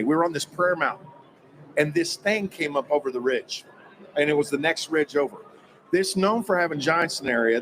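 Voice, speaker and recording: An excitable man recounting a personal experience in a slightly raised voice, full of emphasis. He jumps into the quoted dialogue as he tells it. Faint noise sits behind him. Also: a little high, poor audio. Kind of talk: animated spoken storytelling.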